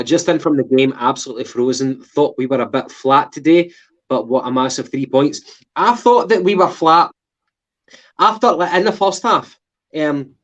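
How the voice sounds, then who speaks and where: A man with a Glaswegian Scottish accent co-hosting a football podcast, chatty and asking questions. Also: on the high side. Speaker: podcast co-host. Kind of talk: casual football chat. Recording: dull lo-fi sound.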